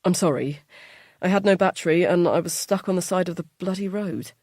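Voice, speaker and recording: A woman's voice: on the low side, fairly quick, darkish tone, no room sound, studio quality. A woman voicing a stressed young husband who answers in a clipped, apologetic, grumbling way. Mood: defensive. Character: stressed young British husband, defensive, irritable.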